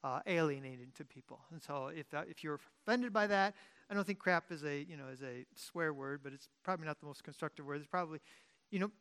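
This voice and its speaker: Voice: medium pitch, fast, clean tone. Conversational preacher, often correcting himself. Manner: shifts between loud emphasis and quiet asides. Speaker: pastor. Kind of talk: sermon.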